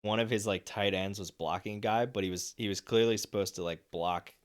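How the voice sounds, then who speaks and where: A young man co-hosts a sports podcast and talks through game stats in a loose, rambling way. His voice sits low and comes across smooth and clear. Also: fairly even intonation, a little fast. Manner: rambling, many fillers and restarts. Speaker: podcast co-host. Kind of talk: casual sports chat.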